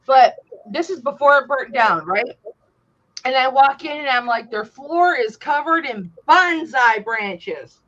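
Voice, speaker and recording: High-voiced woman telling a rowdy story. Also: unhurried. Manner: animated storyteller, swears freely, acts out quotes. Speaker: host. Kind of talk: casual chat. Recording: dull lo-fi sound.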